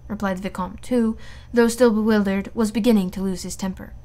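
Woman reading an old novel aloud, steady and even, audiobook style. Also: mid-range voice, a little fast. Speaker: audiobook reader.

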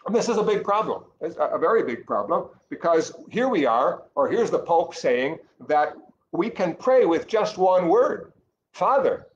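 A man giving a catechesis lesson in an earnest, explanatory way, pausing and restarting often as he thinks aloud. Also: on the high side, very animated, lo-fi sound, slight background noise. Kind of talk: catechesis teaching.

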